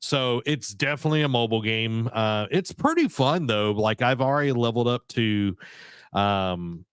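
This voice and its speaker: A man's voice: mid-range voice, lively intonation, normal speed, smooth, dry recording, studio quality. A man co-hosting a podcast, chatting casually about video games and rambling with many fillers and restarts. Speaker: podcast co-host.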